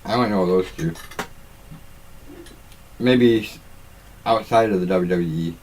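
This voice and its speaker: A man's voice: sits low, a little mellow, a little hiss or hum, rough recording. A man co-hosting a casual chat podcast, often stumbling and repeating words as he gets going. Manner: halting, repeats words while getting going. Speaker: podcast co-host.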